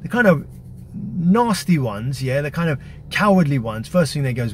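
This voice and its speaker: A man's voice: fairly high pitch, big pitch swings, moderate pace, slight background noise. A man talking casually and emphatically, giving advice. He often repeats words and checks in with "yeah?" and "right?". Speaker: activist giving media advice. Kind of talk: casual instructional talk.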